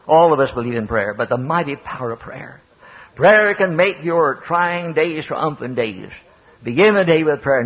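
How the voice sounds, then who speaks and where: A man's voice: medium pitch, husky, lo-fi sound. An older man preaching a sermon as a Baptist pastor, from Tennessee, repeating key phrases in an emphatic cadence.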